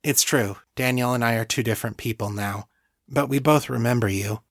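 A man voicing a friendly, guilt-ridden young woman with psychic powers, speaking softly and earnestly. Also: medium pitch, brisk, no room sound, studio quality, lightly acted. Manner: soft, earnest.

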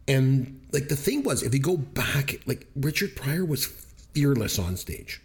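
A man's voice: mid-range voice, lively intonation, unhurried, gravelly. A man co-hosting a podcast, telling stories in an emphatic, enthusiastic way. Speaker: podcast co-host. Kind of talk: casual podcast chat.

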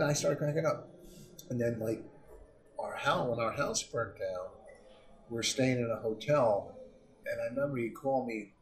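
A man's voice: mid-range voice, recorded from a distance. Middle-aged guy swearing through funny stories, roomy room, faint hum behind. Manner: profane, animated storytelling. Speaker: comedian guest. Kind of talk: casual storytelling.

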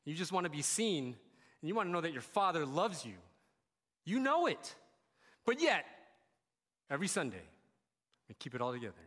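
A man giving a sermon in a church hall, sharing a personal story in a candid, conversational way. His voice sits slightly high and carries a bright, forward edge. A long reverb trails each phrase. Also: lively intonation, quick pace. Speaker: pastor.

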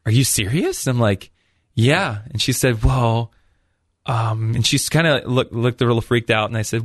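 Man, radio co-host, earnest storyteller, mid-pitched, dry studio sound. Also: moderate pace, dry recording. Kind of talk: testimony and prayer.

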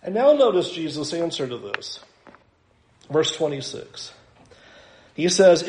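A man's voice: medium pitch, expressive, normal speed, creaky, darkish tone, roomy sound. A man preaching a sermon in a conversational, self-deprecating way, acting out little asides. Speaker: pastor.

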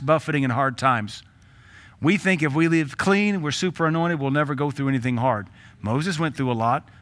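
A man's voice: fairly high pitch, sharp tone. A man preaching a sermon as pastor, blunt and joking, with rhetorical questions and laughs between points. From Tennessee.

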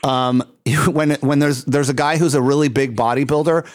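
A man's voice: medium pitch, steady tone, moderate pace, no room sound. A man hosting a casual interview chat, chatty and laughing often, with plenty of fillers. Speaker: host.

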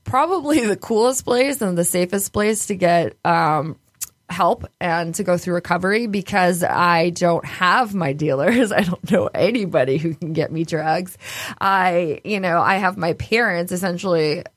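A woman's voice: fairly low pitch, measured pace, dry recording. A woman from New York speaking candidly in a casual interview, laughing often and swearing freely. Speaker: podcast guest.

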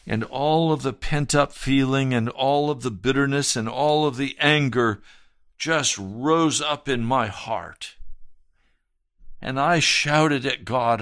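A man's voice: medium pitch, takes it slowly, a bit bright, no echo, studio quality. A male pastor telling his personal testimony in a sermon, earnest and storytelling, with dramatic swells.

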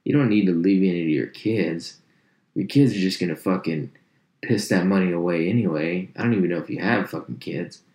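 A deep-voiced man rants for laughs, swearing nonstop and jumping into sharp mocking tones. His voice sounds low and heavy, and it bounces around an echoey room. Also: fairly quick. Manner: animated, swears constantly, jumps into high mock voices. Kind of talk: profane comedic rant.

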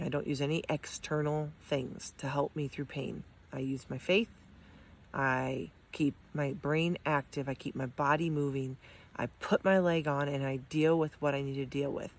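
A woman's voice: low voice, steady tone, unhurried. A middle-aged woman, an amputee, giving a heartfelt motivational talk, earnest and encouraging, with frequent ums and restarts. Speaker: amputee sharing her experience.

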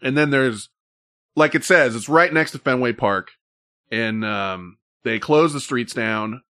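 A man's voice: medium pitch, a little slow, sharp tone, no room sound, studio quality. A man hosting a casual live stream, talking in a loose, rambling, profane way. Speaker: host.

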